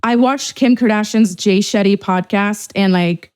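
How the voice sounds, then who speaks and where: A young woman chats on her podcast with loose, animated energy. She swears freely and slips into higher, playful voices when quoting others. Her tone stays everyday and conversational. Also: measured pace, clear, resonant tone. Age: young adult. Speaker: podcast host. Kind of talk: casual chat.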